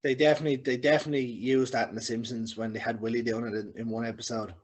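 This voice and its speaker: A man's voice: medium pitch, little pitch movement, rapid-fire. A man hosting a podcast, chatting casually about a film with short, laid-back remarks. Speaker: podcast host. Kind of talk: casual film review chat.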